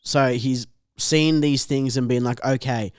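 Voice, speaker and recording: A man's voice: medium pitch, steady tone, a little slow, darkish tone, clean tone, no room sound, studio quality. A young man co-hosting a podcast, laid-back and jokey, swearing often in casual banter. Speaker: podcast co-host.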